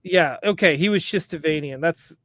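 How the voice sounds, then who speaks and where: A man's voice: on the high side, moderate pace, a bit bright, dry recording, studio quality. A man co-hosting a casual podcast, laughing often and reading wiki entries aloud. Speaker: podcast co-host. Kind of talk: casual chat while browsing a wiki.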